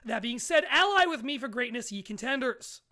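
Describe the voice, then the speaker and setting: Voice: medium pitch, lively intonation, fairly quick, sharp tone. A co-host putting on an over-the-top news reporter voice to read a boastful, mock-menacing promo. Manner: announcer delivery, grandiose and mock-menacing.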